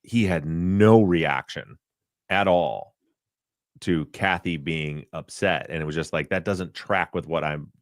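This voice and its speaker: Male co-host, deep bass voice, earnest and conversational, dry recording. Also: slow pace, dry recording. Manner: earnest, searching for words. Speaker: podcast co-host. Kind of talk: casual conversation.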